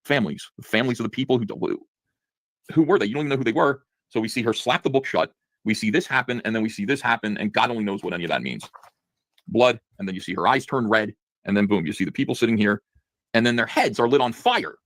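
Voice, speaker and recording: Man, comic reviewer, fast-paced, sarcastic, dry close sound. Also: lowish voice, fairly bright tone, dry recording. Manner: sarcastic, indignant, rapid-fire. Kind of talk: video review commentary.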